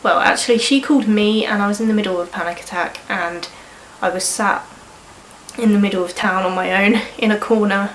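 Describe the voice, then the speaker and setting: Nursing a cold and sniffling, an early-20s woman talks fairly quickly through a frank, rambling vlog, swearing offhandedly. Her voice is medium-pitched and fairly bright with fairly even intonation, and the rough recording sounds roomy with a little hiss or hum.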